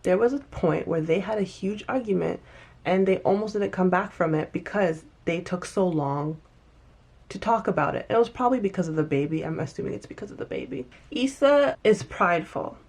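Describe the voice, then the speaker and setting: A woman casually recapping and reviewing a TV episode, animated and emphatic, often restarting sentences. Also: on the low side, moderate pace, vocal fry, husky.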